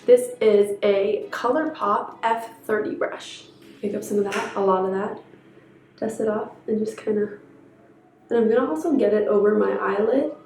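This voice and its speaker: A young woman with a hoarse voice from a cold, chatting casually through a makeup tutorial step by step. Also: mid-range voice, normal speed, a little mellow, slight background noise. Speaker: beauty vlogger. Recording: echoey room, faint background music.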